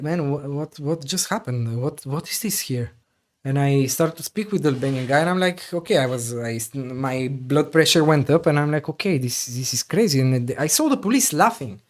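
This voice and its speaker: A man hosting a podcast, retelling a personal story in animated, loosely phrased English full of fillers. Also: a little high. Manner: animated retelling with loose, non-native grammar and many fillers. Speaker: podcast host.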